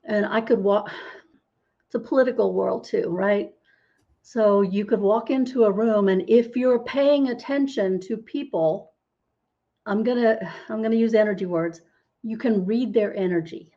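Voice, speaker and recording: A woman's voice: medium pitch, a little slow, warm tone. Woman explaining, with a slightly dull sound. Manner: explanatory, tags lines with "right?". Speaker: holistic healer guest. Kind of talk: podcast interview.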